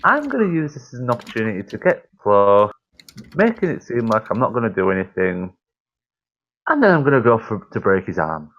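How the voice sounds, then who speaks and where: A man's voice: on the low side, sing-song, a little fast, fairly bright tone, highs cut off, a little hiss or hum. A man playing a tabletop game, describing his moves hesitantly with many fillers. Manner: hesitant, says "uh" often. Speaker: player. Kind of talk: tabletop game role-play.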